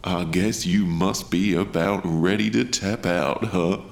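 Casting: man putting on a deep, gravelly Southern-accented gambler, slow and creepy storybook villain. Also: fairly even intonation, slight background noise, heavily acted. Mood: sly menace. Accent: Southern American. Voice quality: gravelly, slow, low drawl. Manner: soft-spoken and menacing. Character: tall, creepy, sly male gambler in shark costume. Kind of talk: storybook reading.

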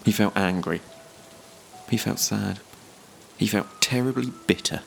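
A man narrating a written story in a measured, expressive storytelling manner. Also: on the low side, creaky, soft background music.

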